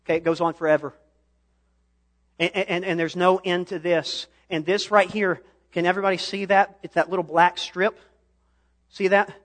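A young man preaching a sermon on a church stage, telling a personal story and building to impassioned, shouted appeals. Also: sits high, level tone, moderate pace, pauses often.

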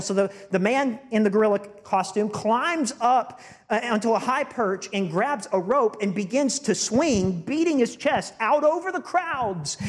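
High-voiced man preaching a sermon. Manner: storytelling with shifting pace, emphatic. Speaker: pastor.

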